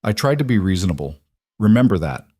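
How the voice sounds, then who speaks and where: A man voicing a cold, educated male crime boss who makes calm, veiled threats in a smooth voice. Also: low-pitched, quick pace, no echo, clean studio sound, exaggerated voice.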